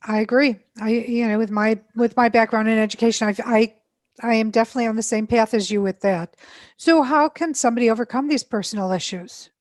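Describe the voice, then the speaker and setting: A woman hosts an interview over a video call, her voice a touch higher than most and sounding close and dry. She affirms her guest and moves on to her next question. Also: a little fast, dry recording. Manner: affirming, asks follow-up questions.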